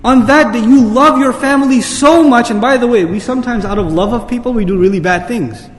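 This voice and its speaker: A man's voice: very high-pitched, a little fast, big-room sound. A man giving an earnest sermon, asking the audience pointed rhetorical questions and pressing home his points. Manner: earnest, rhetorical questions, rising to emphatic peaks. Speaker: Islamic speaker.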